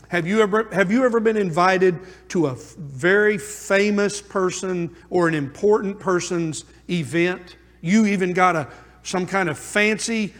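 High-voiced preaching man, reverberant church. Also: a little slow. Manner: preaching, swinging from hushed to emphatic. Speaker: pastor. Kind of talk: sermon. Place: church sanctuary.

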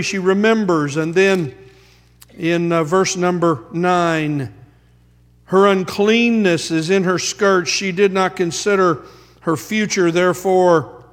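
A man preaching a sermon as pastor, quoting scripture and building to emphatic high points. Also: big-room sound.

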